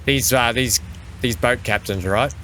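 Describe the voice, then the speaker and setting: This let's play host speaks at a measured pace in a mid-range voice that sounds bright and forceful, with slight background noise. He chats casually through the playthrough and talks to the game's vehicles.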